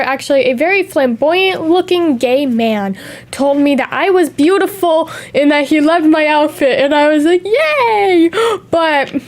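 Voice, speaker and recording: A young woman streamer chatting casually, bubbly and excitable, with theatrical gasps and dramatic sighs. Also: sits high.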